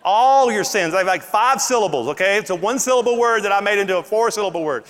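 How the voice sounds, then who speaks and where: Louisiana pastor guy, high voice, preaching big, church reverb ringing. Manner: animated preaching with emphatic drawn-out words. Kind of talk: sermon. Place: church auditorium with congregation. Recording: long hall reverb in a church.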